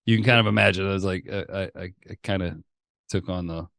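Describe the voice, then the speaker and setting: A middle-aged man with a low voice tells stories in a loose, animated way, swearing freely as a comedian guest. His voice is recorded dry and close, with no room sound around it. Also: quick pace, gravelly, dry recording. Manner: profane, animated storyteller. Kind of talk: casual interview chat.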